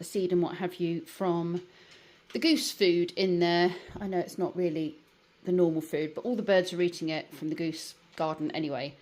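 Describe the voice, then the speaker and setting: A woman with a British English accent vlogs at home and in her garden, chatting casually to camera and rambling a little with fillers. She sounds tired and yawns. Her voice is on the low side with a darkish tone.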